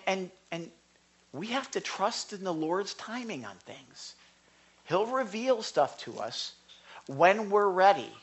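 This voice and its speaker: An earnest male preacher with a fairly high, bright, edgy voice. He talks through scripture conversationally, firing off loud rhetorical questions and then dropping to hushed asides. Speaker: Bible teacher. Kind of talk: conversational sermon.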